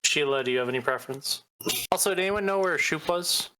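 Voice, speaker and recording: A man's voice: fairly high pitch, fast talker, bright, forceful tone. A man running a tabletop game as game master, talking casually with restarts and fillers.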